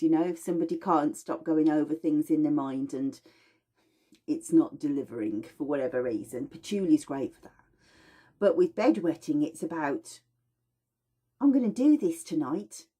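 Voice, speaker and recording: A woman teaching aromatherapy in a casual, chatty demonstration, lively and playful as she explains. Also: deep voice, moderate pace, breathy edge. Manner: chatty, animated, with playful put-on voices.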